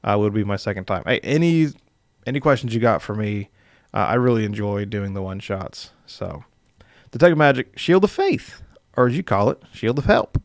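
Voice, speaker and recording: A man's voice: lowish voice, expressive, normal speed, dry recording, clean studio sound. A young man casually hosting a live stream as dungeon master, rambling with filler words and chuckling as he reads viewer comments.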